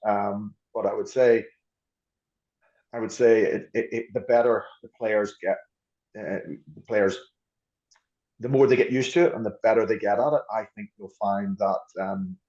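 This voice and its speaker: A man who coaches rugby, with a darkish voice on the low side, talks over ideas on a podcast as a guest. He keeps restarting and repeating words as he thinks, and the audio is dull.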